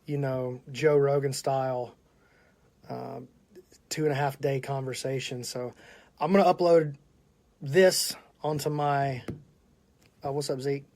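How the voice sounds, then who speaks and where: A podcast host with a Southern US accent runs a casual live stream, speaking a little slowly in a mid-range voice with fairly even intonation and frequent pauses. He's chatty and laughs often, shouting out viewers by name to greet them.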